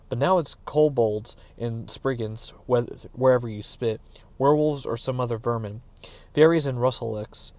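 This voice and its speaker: A man reading aloud, voicing a gruff, officious middle-aged castellan in a fantasy story. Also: dry recording, lightly acted. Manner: exclaiming, higher and louder than the narration. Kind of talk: dramatic audiobook reading.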